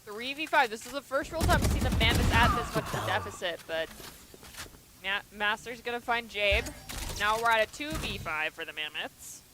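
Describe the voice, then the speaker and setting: A woman's voice: fairly high pitch, expressive, background noise. Playful female esports co-caster. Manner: playful and quick with reactions. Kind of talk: esports color commentary.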